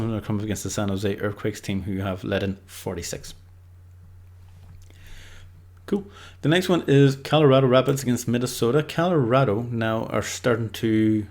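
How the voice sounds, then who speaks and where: A man's voice: medium pitch, darkish tone. A man giving casual, unscripted football predictions, rambling loosely and leaning on lots of filler words. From Ireland.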